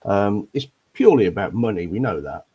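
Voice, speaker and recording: A man's voice: fairly low pitch, animated, a little fast, mellow. An older man from Leicester, grumbling his way through a rambling casual chat about football on a fan panel. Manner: grumbling, rambling with many ums.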